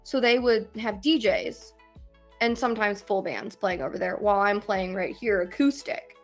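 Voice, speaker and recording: A chatty young woman co-hosts a casual podcast. She tells stories in an animated way and laughs often. Faint music sits quietly behind her voice. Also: mid-range voice, normal speed. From Minnesota. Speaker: podcast co-host. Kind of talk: casual chat.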